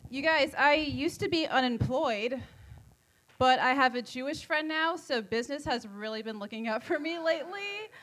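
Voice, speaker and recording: A woman doing a stand-up set at an open mic on a comedy club stage, rambling and giggly, high on edibles, with self-deprecating jokes. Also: fairly bright tone.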